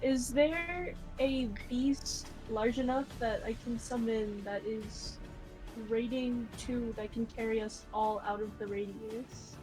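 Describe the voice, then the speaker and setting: Excitable higher-voiced woman player. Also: takes it slowly, over music, low-quality recording. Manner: loud, excitable, joking. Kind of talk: casual tabletop play.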